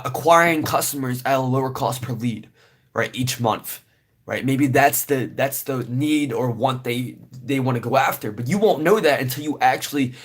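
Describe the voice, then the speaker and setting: A young man giving casual, rambling business advice to camera, full of fillers and "right?" tags. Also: mid-range voice. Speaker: business vlogger.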